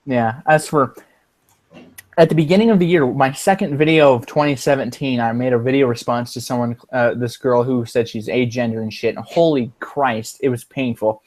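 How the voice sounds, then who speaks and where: A man's voice: medium pitch, steady tone, normal speed, darkish tone, no echo. A man chatting casually on a livestream, rambling and profane with frequent fillers and restarts, recorded on a computer mic. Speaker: livestream co-host.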